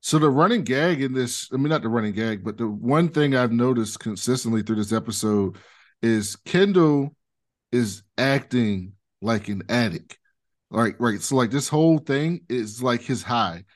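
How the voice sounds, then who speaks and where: Guy rambling thru a tv recap, like, fillers everywhere, average pitch. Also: expressive, moderate pace. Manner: loose rambling retelling with many fillers. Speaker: podcast co-host. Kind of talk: casual TV recap chat.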